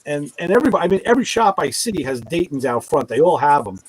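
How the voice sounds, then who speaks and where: A man's voice: on the high side, quick pace, husky, poor audio. A middle-aged man telling a long anecdote in casual chat, acting out the voices of the people in it. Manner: animated storyteller who acts out quoted voices.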